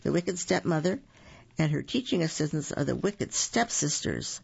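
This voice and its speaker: Playful read-aloud narrator, gravelly, husky, lo-fi. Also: medium pitch. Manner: slow, animated and playful, self-correcting. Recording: dull lo-fi recording.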